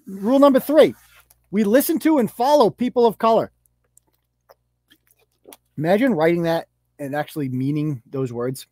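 A man's voice: fairly high pitch, normal speed, long pauses, warm tone, no echo, clean studio sound. A man hosting a live show, ranting with profanity and sarcasm and firing off mocking rhetorical questions while reading rules aloud.

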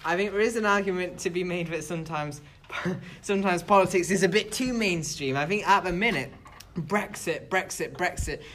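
A man's voice: high voice, normal speed, bright, forceful tone, a little hiss or hum. Uk guy cohosting a politics podcast, chatty, hedges a lot, pokes fun at himself. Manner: chatty, self-deprecating, with frequent restarts and hedges. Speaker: podcast co-host. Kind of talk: casual political discussion.

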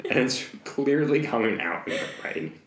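A man's voice: mid-range voice, lively intonation, moderate pace, a bit bright. A man co-hosting a comedy podcast, talking in a wry, rambling way with lots of "like" and "you know". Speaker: podcast co-host. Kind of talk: casual comedic chat. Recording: roomy echo.

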